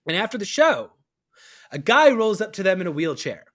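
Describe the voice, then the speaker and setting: A man hosting a casual live-stream conversation, telling stories with a lively comic delivery. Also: sits high, normal speed. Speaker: host.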